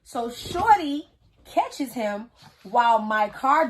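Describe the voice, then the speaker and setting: A woman in her thirties telling a story to camera in a casual, slangy, animated way, acting out the people she describes. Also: on the high side, slow. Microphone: camera on a tripod.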